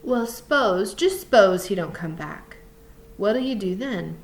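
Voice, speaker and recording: A woman reading aloud, voicing a bitter, lonely older stable hand in a slow, brooding drawl. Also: medium pitch, expressive. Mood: probing.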